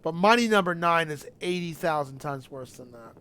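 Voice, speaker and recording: Chatty high-voiced male game streamer. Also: lively intonation, normal speed, sharp tone, a little hiss or hum. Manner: chatty, rambling, talks to chat. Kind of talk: casual gaming stream chat.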